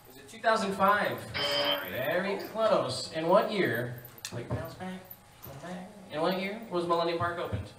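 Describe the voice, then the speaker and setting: A man hosting a live game show on stage, an energetic showman who often bursts into shouts. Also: sits high, a little slow. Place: live stage before an audience. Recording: echoey room from far off, loud crowd.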